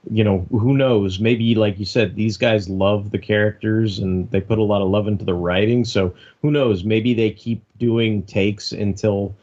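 A man with a slightly low voice co-hosting a casual podcast chat, talking in loose, rambling sentences full of restarts and the odd swear. The recording sounds dull and lo-fi. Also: fairly even intonation, unhurried, few pauses, a little mellow. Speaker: podcast co-host.

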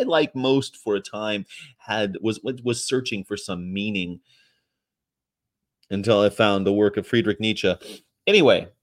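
A middle-aged man chatting casually on a stream, sarcastic and rambling, laughing often. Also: on the low side. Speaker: livestream host. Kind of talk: casual chat reacting to comments.

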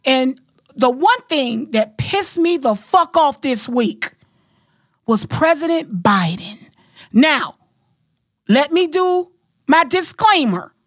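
Blunt high-voiced woman podcast host. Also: sing-song, slow, long pauses, dry recording, clean studio sound. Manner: blunt, profane, emphatic. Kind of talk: casual podcast chat.

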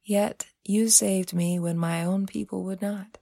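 A woman's voice: medium pitch, steady tone, measured pace, creaky, dark tone, no room sound, clean studio sound. A woman voicing an old woman, proud and long abandoned, who speaks emphatically and breaks into sad pleading. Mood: tearful relief.

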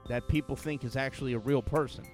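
A man co-hosting a casual podcast, cracking jokes and quick comebacks. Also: medium pitch, steady tone, soft background music. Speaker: podcast co-host. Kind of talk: casual chat.

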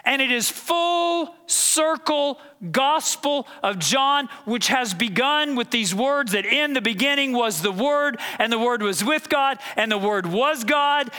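A man's voice: very high voice, pushed and bright, clear, resonant tone. A man preaching a sermon as pastor, emphatic and building through repeated phrases.

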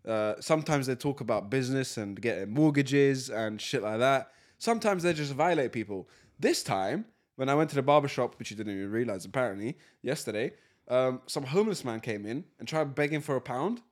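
A man's voice: mid-range voice, animated, a little fast. Joking young man on a podcast. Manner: joking, teasing, slangy. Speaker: podcast co-host. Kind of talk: casual chat.

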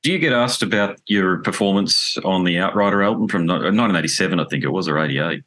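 A man's voice: deep voice, quick pace, fairly bright tone. A man interviewing a guest, adding brief responses and asking tentative questions.

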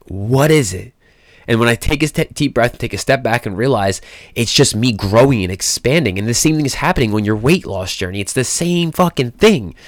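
Man, fitness coach, blunt, profane, repetitive, mid pitch, dry sound. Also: dry recording. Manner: blunt, heavy swearing, repeats himself. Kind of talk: casual motivational talk.

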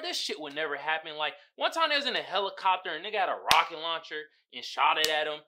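On his own podcast, a man riffs through casual commentary that is loose, slang-heavy and profane. His voice is bright and forward, swinging widely in pitch as he gets worked up, and he often breaks into laughter.

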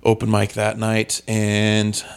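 A man's voice: on the low side, completely flat delivery, slow pace, vocal fry, clean tone. A man, a comedian, chatting casually on a podcast in a rambling, self-correcting way.

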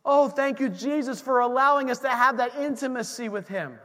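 A man preaching a sermon as pastor, animated, swinging from shouts to hushed asides. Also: very high voice, normal speed, long reverb tail.

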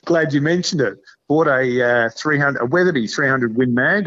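A man's voice: medium pitch, moderate pace, fairly bright tone. A man with an Australian accent chatting casually as a podcast guest, rambling in a laid-back, blokey way full of slang. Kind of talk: casual chat. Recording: dull lo-fi sound.

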